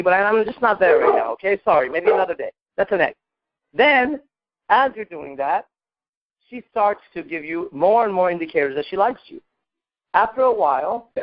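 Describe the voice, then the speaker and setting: High-pitched man giving blunt advice. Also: no echo, dull audio. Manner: emphatic, profane, acts out sample dialogue. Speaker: podcast co-host giving dating advice. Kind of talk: animated casual advice talk.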